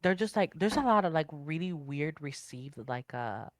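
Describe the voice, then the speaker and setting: A woman guest talking emphatically in a casual interview, tossing in slang like bro. Her voice sits fairly low for a woman and sounds dry and close, with no room around it. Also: lively intonation, normal speed, no room sound. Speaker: guest, online streamer.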